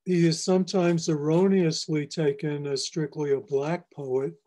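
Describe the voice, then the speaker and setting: A poet giving a library lecture on poetry, explaining lines in a measured, teacherly way. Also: male voice, on the high side, steady tone, mellow. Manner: measured, explanatory, reads lines aloud for emphasis. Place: public library presentation.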